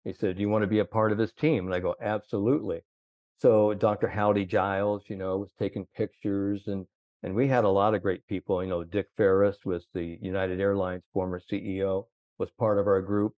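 A man's voice: fairly low pitch, little pitch movement, a little fast, no room sound, dull audio. A middle-aged man, a sports psychologist, telling long rambling anecdotes full of fillers and quoted dialogue. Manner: rambling anecdotes with many fillers, quoting others. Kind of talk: casual storytelling.

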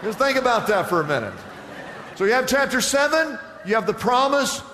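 Man, pastor, high bright voice, animated sermon, long hall reverb. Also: a little fast, slight background noise. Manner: animated, acts out voices of the Bible figures.

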